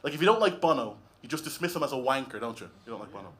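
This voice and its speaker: A man's voice: medium pitch, animated, racing, fairly bright tone. An Irish man doing a stand-up comedy set on a club stage, talking in a wry, conversational way with lots of tag questions. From Ireland.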